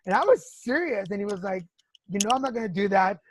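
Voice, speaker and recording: A woman with a mid-range voice hosts a podcast, speaking fast and chatting candidly and casually. She tells personal stories frankly, swearing and laughing, with slight background noise present.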